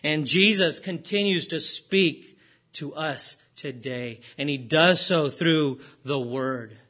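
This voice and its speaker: A man preaching a sermon in an earnest way, rising for emphasis and then dropping low and slow. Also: sharp tone.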